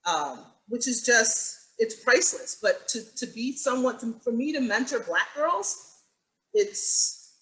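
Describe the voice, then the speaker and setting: A woman with a bright, forceful voice moderates an online panel discussion. She tells stories animatedly and acts out the quoted lines. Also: on the high side, sing-song, slow pace, rough recording. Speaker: moderator and acting teacher. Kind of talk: panel discussion on a video call.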